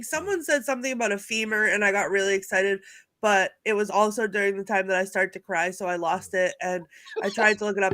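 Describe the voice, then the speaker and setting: A woman's voice: medium pitch, fairly bright tone. A woman co-hosting a podcast in casual chat, emotional and giggly as she talks. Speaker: podcast co-host.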